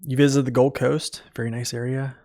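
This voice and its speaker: A man's voice: mid-range voice, little pitch movement, a little fast, warm tone. Chatty American man streaming. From United States. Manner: rambling, chatty, answers chat questions. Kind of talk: casual chat with live chat.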